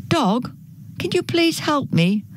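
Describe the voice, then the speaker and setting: A woman's voice: high-pitched, big pitch swings, takes it slowly, pitched above the performer's own voice, exaggerated voice. Woman reading as a polite, determined little hen. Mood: pleading. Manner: pleading, polite, then firm. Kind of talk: storybook reading.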